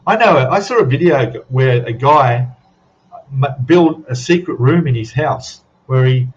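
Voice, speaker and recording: A man's voice: medium pitch, animated, measured pace, lo-fi sound. Rambling Australian man on a stream. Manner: rambling, chatty, tags questions with "eh?". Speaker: live stream host. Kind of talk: casual chat to a live audience.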